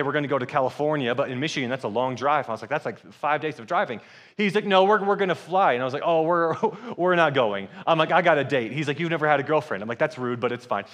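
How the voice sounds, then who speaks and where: A young man, a guest speaker, telling a funny personal story in a sermon with lively swings from loud to hushed. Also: medium pitch. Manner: animated comic storytelling with voice swings.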